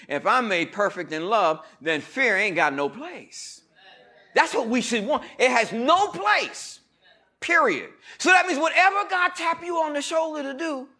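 A male pastor preaching a sermon, moving between loud shouts and quiet asides, leading the congregation in call-and-response and telling stories with laughter. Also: very high voice. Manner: animated preaching, swings from loud shouts to murmurs.

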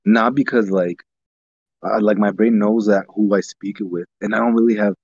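Relaxed male co-host, husky and lowish, meandering casual talk, dull dry recording. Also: normal speed, no room sound. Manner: rambling, heavy use of "like", laid-back. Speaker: podcast co-host. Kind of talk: casual chat.

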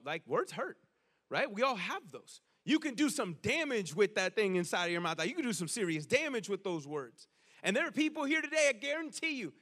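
A male pastor preaching with a high, bright voice. He talks casually, tosses in slang and keeps asking the room "right?". His delivery is lively and conversational rather than formal. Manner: conversational, animated preaching with slang and rhetorical questions. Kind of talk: sermon.

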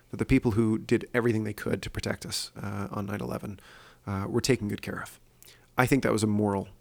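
A man with a lowish, vocal-fry voice hosts his own opinion podcast. Alone at the mic, he talks earnestly and thinks out loud, dropping in plenty of fillers.

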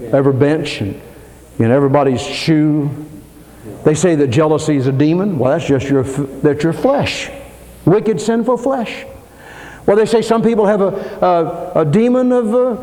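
An older man preaching a dramatic sermon in a church, swinging between soaring emphasis and low asides. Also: lively intonation, normal speed, warm tone. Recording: long hall reverb.

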